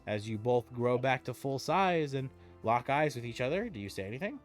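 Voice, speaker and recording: A man leads a tabletop game and narrates scenes in a mid-pitched voice. His speech is descriptive, and he corrects himself mid-sentence now and then. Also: very animated, moderate pace, faint music behind. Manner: descriptive with frequent restarts and laughter. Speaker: game master.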